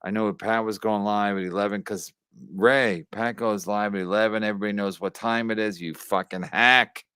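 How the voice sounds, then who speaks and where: A man's voice: on the low side, fairly even intonation, moderate pace, hardly any pauses, pushed and bright, clear, resonant tone, no echo, clean studio sound. A slightly drunk man calling in as a guest, ranting brashly and swearing. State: a little drunk. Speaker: guest comedian. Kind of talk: casual call-in chat.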